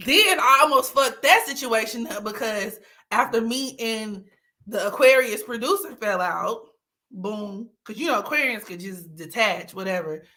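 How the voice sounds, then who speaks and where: A young woman talks in a bright, slightly high voice, chatting casually on a livestream. She tells candid stories with a lot of laughter and breaks now and then into exaggerated, teary mock pleading. Her delivery is loose and unfiltered. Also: animated, measured pace. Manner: candid storytelling with frequent laughter; swings into dramatic, teary mock outbursts. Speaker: livestream host. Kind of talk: casual chat.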